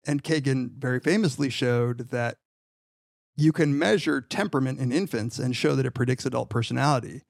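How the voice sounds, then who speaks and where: A man's voice: medium pitch, brisk, gravelly, dry recording, studio quality. A man co-hosting a casual podcast discussion, a psychology lecturer who talks in a wry way with hesitant restarts. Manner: wry, laughs between phrases, hesitant restarts.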